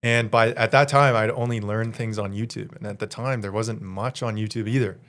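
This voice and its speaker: A young man in his twenties from Canada, a podcast guest telling a story in a casual, slangy, animated way and laughing as he goes. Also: lowish voice, moderate pace. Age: 20s.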